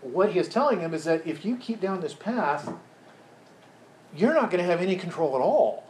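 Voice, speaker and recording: A man's voice: high-pitched, very animated, normal speed, a little mellow. A man teaching a Bible study in a chatty, conversational way, asking his group questions as he goes. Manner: chatty, asks the group questions, many restarts. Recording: roomy echo, faint background hiss.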